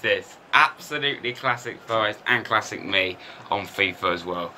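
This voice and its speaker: A man commentating his football video game in a lively, self-mocking way. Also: mid-range voice, moderate pace. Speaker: gaming YouTuber.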